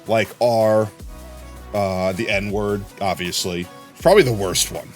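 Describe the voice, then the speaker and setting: A man's voice: on the low side, slow, soft background music. A man chatting casually on a live stream, rambling from topic to topic and laughing often.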